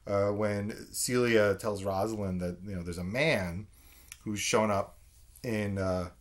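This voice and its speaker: A man's voice: on the low side, steady tone, unhurried. A man giving a conversational literature lecture, full of fillers and "right?" check-ins. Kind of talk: recorded lecture.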